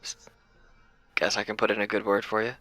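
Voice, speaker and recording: A man's voice: lowish voice, completely flat delivery, a little fast, bright, forceful tone, dry recording, faint music behind, poor audio. A man playing his character in a tabletop game, blunt and insistent with a wry edge. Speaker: player.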